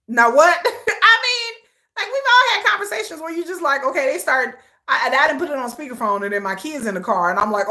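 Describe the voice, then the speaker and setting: A woman's voice: high voice, animated, moderate pace, bright, forceful tone. A woman, giving blunt, slangy commentary as she hosts a live watch-along of a TV show.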